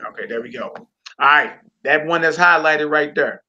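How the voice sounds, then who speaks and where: A man teaching a live-streamed Hebrew lesson casually, repeating words and drilling syllables slowly. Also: on the high side, sharp tone, dull audio.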